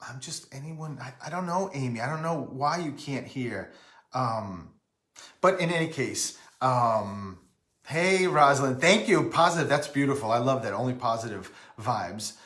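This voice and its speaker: A man's voice: mid-range voice, a bit bright, echoey room. A man from Rhode Island hosting a casual live stream, rambling and breaking off to greet viewers by name.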